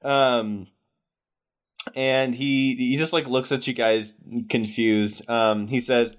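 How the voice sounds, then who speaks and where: A man narrating as game master in a tabletop game, pausing often. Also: medium pitch, fairly even intonation. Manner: halting, many fillers.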